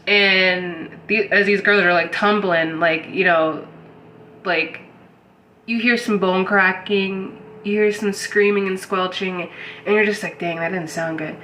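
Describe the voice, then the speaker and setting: A host speaks slowly in a medium-pitched voice, recorded roughly with slight background noise. She's casually recounting a strange dream to a live audience, rambling in an animated way and using "like" over and over.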